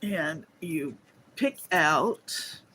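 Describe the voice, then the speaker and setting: A woman's voice: deep voice, lively intonation, drawn-out words, bright, forceful tone, a little hiss or hum. A woman hosting a casual livestream, chatty and yawning, talking to viewers into a phone on a holder indoors. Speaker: livestream host.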